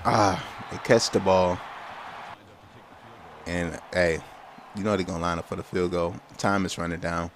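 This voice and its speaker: Man with a slightly low voice, casual let's-play commentator calling his game play by play, slangy and easily exasperated. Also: fairly even intonation, measured pace, long pauses, noisy background. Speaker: gameplay commentator.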